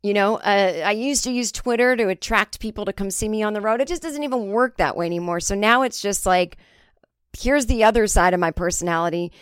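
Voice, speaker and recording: A woman's voice: medium pitch, brisk, clean tone, dry recording, studio quality. A woman comedian hosting her own podcast, talking in a candid, rambling and sometimes profane casual monologue. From United States.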